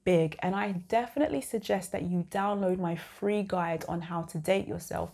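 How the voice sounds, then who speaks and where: A young woman giving encouraging self-care advice straight to her viewers in a soft, coaching way. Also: on the low side, gravelly. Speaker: self-improvement vlogger. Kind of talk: encouraging advice talk to camera.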